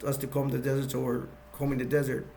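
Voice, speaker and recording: A man voicing a pompous male villain commander in an offhand, slightly lower delivery. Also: monotone, fast, vocal fry, warm tone, slight background noise, lightly acted.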